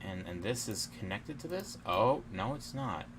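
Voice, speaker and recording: A man's voice: fairly low pitch, animated, moderate pace, noisy background. A man streaming live as he works at his computer, chatting casually, muttering to himself and swearing often.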